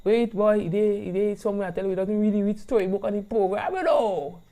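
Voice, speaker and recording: A man with a Grenadian accent hosts a live-stream show, talking in a loose, animated way. His voice sits fairly high for a man, and he keeps checking in with his listeners as he goes. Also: quick pace. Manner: animated and chatty, often asking "you understand?". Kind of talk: casual talk-show commentary.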